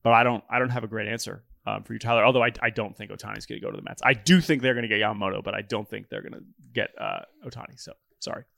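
A man's voice: on the low side, steady tone, very fast, gravelly, few pauses, pushed and bright, dry recording, clean studio sound. A man co-hosting a baseball podcast in casual chat, joking, reading listener emails, often restarting sentences. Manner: chatty, jokey, many restarts. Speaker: podcast co-host.

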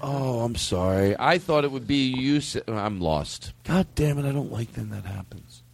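A man's voice: mid-range voice, expressive, normal speed, creaky. A man hosting a comedy podcast in casual chat, rambling and often cutting himself off mid-sentence. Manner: rambling, self-interrupting storyteller. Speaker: podcast host.

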